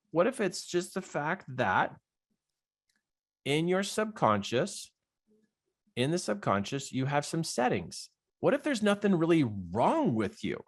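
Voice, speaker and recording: A man giving a motivational coaching talk, animated and often laughing as he acts out inner voices. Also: fairly high pitch. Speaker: life coach.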